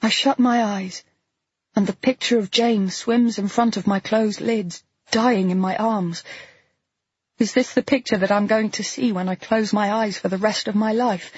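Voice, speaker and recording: A woman narrating a first-person audiobook with a husky, breathy tone and a tense, intimate delivery. The recording is dry and close, slightly dull at the top end. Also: mid-range voice, steady tone, unhurried, dry recording.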